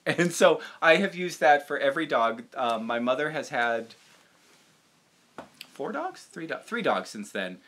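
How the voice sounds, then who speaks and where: Hosting a casual livestream, a young Boston-area puppeteer talks in a fairly bright voice on the high side with big swings in pitch. He's rambling and self-deprecating, ready to break into voices at any moment.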